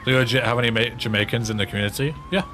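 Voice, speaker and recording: A man's voice: medium pitch, fairly even intonation, racing, noisy background. An English man streaming a game, chatting casually in a rambling way with frequent swearing and restarts. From England. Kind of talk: casual chat while playing a game.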